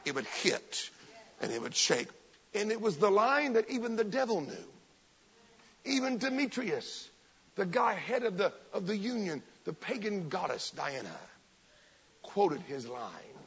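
A man preaching a sermon with fervent, emphatic delivery, loud bursts and joking asides. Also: sits high, big pitch swings, moderate pace, breathy edge. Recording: long hall reverb, dull lo-fi sound.

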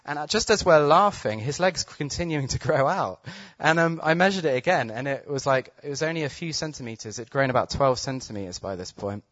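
A man preaching, telling a healing story with excited laughter, then praying with urgent declarations over the crowd. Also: medium pitch, a little fast, few pauses, dry recording. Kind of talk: testimony storytelling and healing prayer. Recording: dull, slightly muffled sound.

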